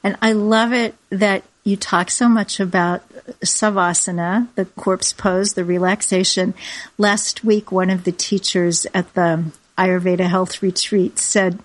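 A woman's voice: medium pitch, flat delivery, unhurried. Woman, 70s, interviewer, effusive, laughs easily, casual chat.

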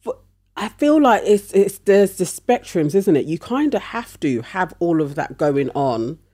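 A man's voice: sits high, big pitch swings, measured pace, mellow. A man co-hosting a casual podcast chat, talking reflectively and thinking aloud with hedges.

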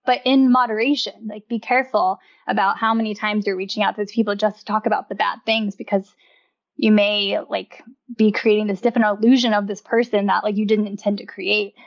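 A woman's voice: mid-range voice, level tone, fairly quick, gravelly. Chatty woman, muffled sound. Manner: chatty, uses "like" constantly, laughs often. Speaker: podcast guest. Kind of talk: casual chat.

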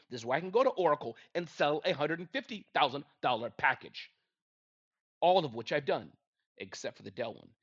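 A middle-aged man giving business advice in an energetic, emphatic motivational talk. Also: a little high. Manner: energetic, emphatic, lively delivery. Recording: dull lo-fi sound.

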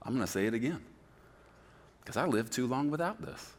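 Animated preaching man, wide swings. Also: medium pitch, fairly quick, a little hiss or hum. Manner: animated preaching, swings from shouting to near-quiet. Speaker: pastor. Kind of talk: sermon. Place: church sanctuary.

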